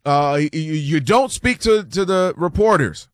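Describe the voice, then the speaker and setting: Sports talk guy riffing hard on a player, kinda high voice, dry close mic, keeps jumping into impressions of fans. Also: unhurried, no room sound. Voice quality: animated, acts out quoted fans and players in a higher voice. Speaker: sports talk show host. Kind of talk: casual sports debate.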